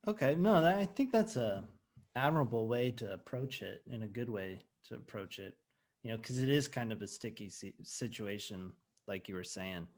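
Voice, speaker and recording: A man's voice: on the low side, expressive, normal speed, darkish tone. A man co-hosting a casual podcast, asking a guest questions and affirming his answers. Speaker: podcast co-host.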